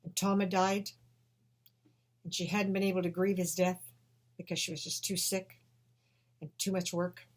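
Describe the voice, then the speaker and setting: A woman telling a personal story with emotion, swinging between hushed and loud. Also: lowish voice, flat delivery, moderate pace, long pauses.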